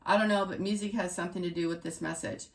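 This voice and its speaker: A woman's voice: lowish voice, steady tone, quick pace, gravelly. A woman running a tarot reading channel, talking straight to her viewers in an emphatic, repetitive pep-talk style. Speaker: tarot reader.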